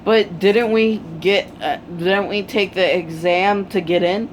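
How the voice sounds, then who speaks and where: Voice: medium pitch, steady tone, measured pace, a little hiss or hum, close to an everyday voice. A storyteller voicing a strict, formal male student who questions things. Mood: stern.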